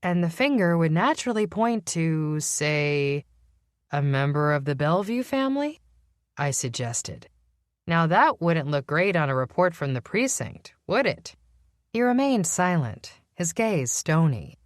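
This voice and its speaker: Low-voiced woman narrating an audiobook. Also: very animated, measured pace, no echo, studio quality. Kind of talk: first-person audiobook narration.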